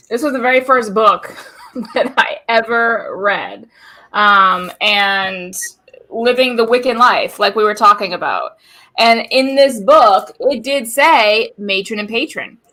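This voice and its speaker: Bright-voiced woman co-host, candid and profane storyteller, casual live chat. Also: medium pitch. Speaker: co-host of a witchcraft talk show. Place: home room.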